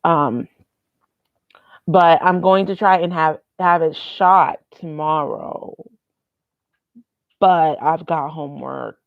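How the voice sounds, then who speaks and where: A woman's voice: low voice, steady tone, takes it slowly, pauses often, dry recording, phone-quality sound. A young woman vlogging casually, rambling and candid, swearing freely. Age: young adult. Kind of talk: casual vlog monologue.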